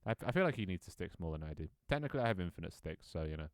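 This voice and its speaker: A man's voice: low voice, very animated, racing, clean tone, dry recording, studio quality. A man casually chatting and joking while playing an online game, laughing often. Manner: playful, joking, chuckles often. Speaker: gaming streamer. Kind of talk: casual gameplay chat.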